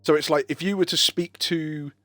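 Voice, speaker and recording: A man's voice: a little high, moderate pace, dry recording, soft background music. A man with an English accent, a streamer chatting casually and swearing as he talks. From England. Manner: animated, swearing, banter-heavy storytelling. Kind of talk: casual chat while gaming.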